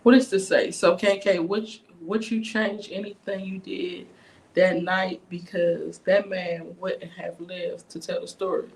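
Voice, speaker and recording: A livestream host with a lowish, gravelly voice speaks unhurriedly while telling a story as a casual, profane rant. She rants animatedly and acts out every voice in the tale.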